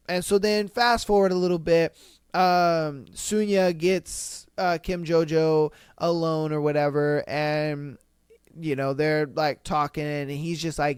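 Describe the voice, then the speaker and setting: A man hosting a podcast and casually recapping a drama, animated and cursing freely, acting out the dialogue as he goes. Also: on the high side, takes it slowly, clear, resonant tone, dry recording, studio quality. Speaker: podcast host.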